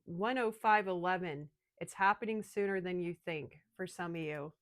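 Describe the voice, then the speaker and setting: Excitable woman tarot reader, dry close sound. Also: fairly low pitch, moderate pace, no echo. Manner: emotional, excitable, addresses listeners as darling. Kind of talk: channeled tarot reading to viewers.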